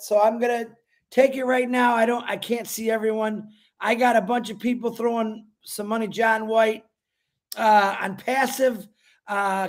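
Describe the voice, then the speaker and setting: A man hosting a livestream, talking in an earnest, rambling way and thanking viewers by name; he is emotional. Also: high voice. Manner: earnest, religious. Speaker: livestream host.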